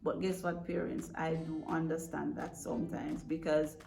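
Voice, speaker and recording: A woman's voice: sits low, flat delivery, moderate pace, creaky, mellow. A woman giving earnest, direct advice to parents, often checking in with "right?". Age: adult parent. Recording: echoey room with faint music.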